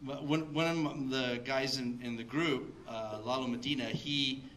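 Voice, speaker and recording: This middle-aged man from Mexico, guest speaker at a library event, tells a rambling story with lots of fillers and laughter. His medium-pitched voice is steady, a bit bright and measured, captured from a distance with a little hiss or hum.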